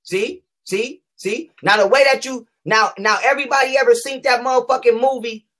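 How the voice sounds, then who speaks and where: A woman in a heated, profane rant, combative and repetitive, slowing down to read definitions aloud. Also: a little high, steady tone, fairly bright tone. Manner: combative, profane, repeats phrases for emphasis; reads definitions aloud slowly. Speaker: online commentator.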